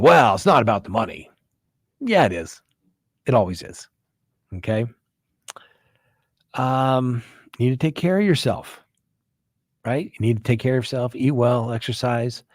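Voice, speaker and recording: A man's voice: medium pitch, moderate pace, long pauses, a little mellow, dry recording, clean studio sound. A man hosting a live show as a criminal defense attorney, talking casually in a folksy way with frequent "right?" asides. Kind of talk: casual live-stream talk.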